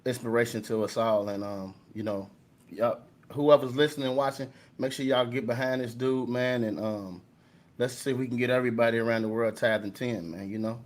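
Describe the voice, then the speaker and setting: A man co-hosting a casual chat show, animated and slangy as he hypes up the guest. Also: medium pitch, a little fast. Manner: animated, hyping others up, slangy.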